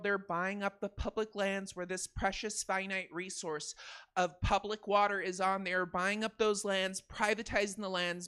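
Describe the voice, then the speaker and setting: A woman in her thirties works a stand-up set on a theater stage, speaking into a handheld mic. Her voice sits a little high and sounds bright and forward. She shifts between hushed, confiding stretches and sudden loud, shouted punchlines. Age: 30s. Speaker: stand-up comedian.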